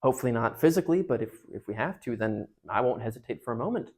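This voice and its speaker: A young man giving a youth talk at a parish, emphatic and joking, jumping between loud outbursts and hushed asides. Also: medium pitch, animated, quick pace. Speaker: parish speaker.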